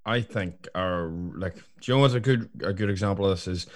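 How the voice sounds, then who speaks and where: A man's voice: low-pitched, fairly quick, no echo. A man in casual podcast chat, rambling with lots of fillers and swearing.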